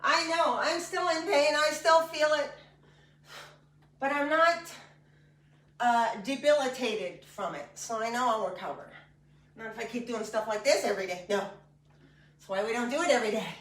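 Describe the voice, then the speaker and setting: A woman's voice: on the high side, moderate pace, long pauses, a bit bright, recorded from a distance. A woman fitness instructor guiding a class through exercises in a chatty, encouraging way with joking asides. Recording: echoey room, voice from off-mic.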